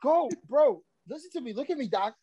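A man co-hosting a podcast in casual chat, arguing his point bluntly and excitedly. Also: extremely high pitch, brisk, slightly rough, dry recording, highs cut off. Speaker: podcast co-host.

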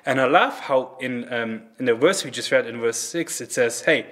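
A man's voice: medium pitch, moderate pace, a bit bright. Earnest man preaching a conversational sermon. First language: German. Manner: earnest, conversational, with frequent restarts and acted prayers. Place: church service.

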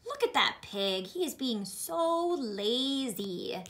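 A young woman teaching young children to read, reading picture books aloud slowly in a sing-song way with some hesitant fillers. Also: fairly high pitch, big pitch swings, a bit bright.

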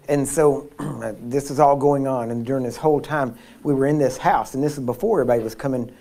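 A man's voice: medium pitch, a little fast. A man preaching at a healing seminar, telling personal stories with frequent laughs and restarts. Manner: animated storyteller, laughs often, frequent restarts. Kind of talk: sermon with personal storytelling.

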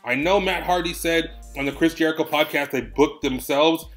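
A man in his young adult years ranting with exasperation in a wrestling commentary vlog, loud and emphatic with big swings. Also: on the high side, moderate pace, soft background music.

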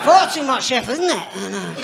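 A man in his thirties doing stand-up comedy with a dry, sardonic, deadpan delivery. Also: extremely high pitch, brisk, gravelly, very noisy. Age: 30s.

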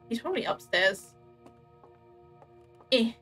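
A woman's voice: a little high, a little slow, pauses often, a bit bright, soft background music. A young woman streaming a game, chatting casually to herself and her viewers, joking at her own clumsy play. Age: young adult. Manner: chatty, self-mocking, talks to herself and chat while playing. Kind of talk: casual gameplay commentary.

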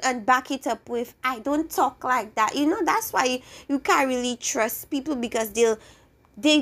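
A young woman hosting a casual vlog and ranting with exasperated opinions about a reality show. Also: sits high. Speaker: reality TV reviewer.

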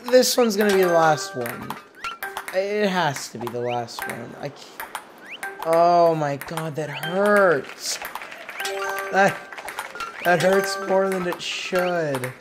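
A man's voice: fairly high pitch, animated, slow pace, pauses often. A young man giving casual gameplay commentary, exasperated and swearing a lot as he groans and laughs at his misses. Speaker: gaming video creator. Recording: game music playing loudly under the voice. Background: game music.

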